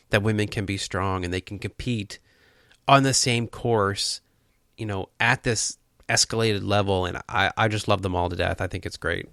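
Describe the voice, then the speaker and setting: A man's voice: lowish voice, fairly bright tone, dry recording, studio quality. A man co-hosting a casual podcast, talking earnestly and with enthusiasm in bursts, with restarts. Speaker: podcast co-host.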